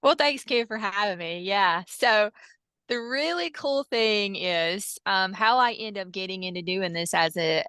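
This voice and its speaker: A woman, a hypnosis practitioner telling session stories in a lively way, with many fillers and quoted dialogue. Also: medium pitch, smooth, no echo. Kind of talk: animated storytelling in casual chat.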